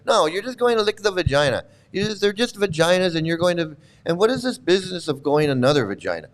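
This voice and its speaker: A man with a somewhat high, smooth and resonant voice, hosting a livestream. He talks straight to his chat in a heated, indignant rant and circles back to the same points again and again. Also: big pitch swings, fast talker. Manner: indignant, heated, repeats himself. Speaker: livestream host. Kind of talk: ranting commentary to a live chat.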